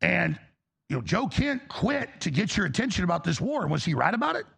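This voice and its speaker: A man's voice: high-pitched, very animated, fairly quick, a bit bright. A male talk show host delivering an angry, exasperated political rant, blunt and profane. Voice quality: gravelly.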